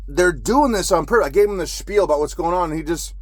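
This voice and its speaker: A man's voice: fairly high pitch, animated, quick pace, few pauses, no room sound. A man who is a military veteran, telling a story in an agitated, profane ranting monologue.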